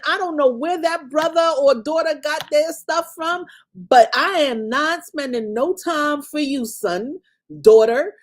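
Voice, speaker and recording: A woman who is a mother, co-hosting a casual commentary show and talking in a blunt, emphatic way. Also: high voice. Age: adult parent. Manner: emphatic, blunt street talk. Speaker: co-host.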